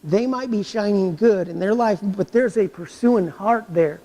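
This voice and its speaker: A man with a strikingly high voice delivers a sermon as pastor, leaning on rhetorical questions and playing out people's inner thoughts. His voice rings through a church with a long, trailing reverb. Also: a little slow, mellow.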